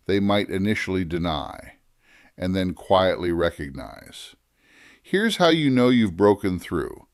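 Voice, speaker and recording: A man narrating a scripted writing lesson, deliberate and measured, slowing down to stress key phrases. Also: lowish voice, dry recording, studio quality. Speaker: writing teacher.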